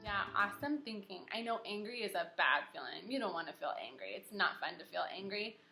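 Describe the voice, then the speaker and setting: A young woman teacher reading a story aloud to kindergarteners, animated and encouraging, asking the children questions. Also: mid-range voice, brisk, gravelly, faint music behind. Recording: echoey room.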